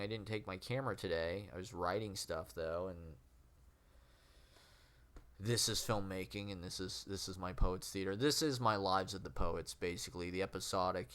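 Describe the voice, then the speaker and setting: Rambling man with a low, nasal voice. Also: fairly bright tone, clean tone. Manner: rambling and self-questioning, laughs often, many fillers. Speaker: vlogger and aspiring street poet. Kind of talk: rambling casual monologue.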